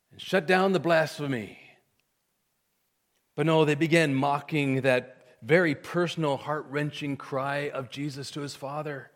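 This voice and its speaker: Guy preaching, drops real quiet then gets loud, big echoey hall. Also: fairly high pitch. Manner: dramatic, swinging from hushed to loud. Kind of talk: sermon. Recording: long hall reverb.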